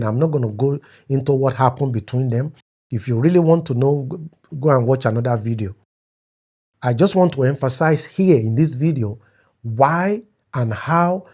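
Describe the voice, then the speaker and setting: Man, from Africa, opinion vlog, emphatic, repeats himself, warm mellow tone, husky. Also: mid-range voice. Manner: emphatic and repetitive, stressing key words. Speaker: commentator.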